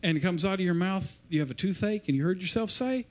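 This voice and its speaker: High-voiced preacher, rambling. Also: male voice, animated, quick pace. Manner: rambling, repeats and restarts words. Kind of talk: informal sermon. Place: church service.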